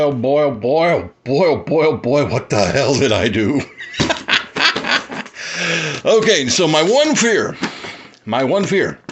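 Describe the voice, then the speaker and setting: Male toy collector, lively pitch, excitable and rambly, chuckling often, cellphone-recorded home unboxing. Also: a little hiss or hum. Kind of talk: casual unboxing vlog. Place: cluttered apartment room. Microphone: handheld cellphone.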